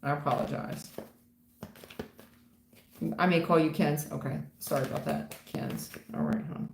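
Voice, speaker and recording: A woman's voice: low voice, sing-song, a little slow, gravelly. A woman reading tarot for viewers on a livestream, blunt and casual, calling people hun and baby, laughing and swearing. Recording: roomy echo with faint noise.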